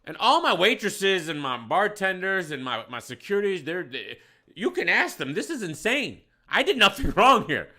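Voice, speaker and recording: A young man with a very bright, slightly high voice tells a crude story about a rowdy night at his bar. He drops low and quiet, then bursts out loud and heated, with plenty of cursing. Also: sing-song, moderate pace. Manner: swings from low mutters to loud outbursts. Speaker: bar manager. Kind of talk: profane storytelling rant.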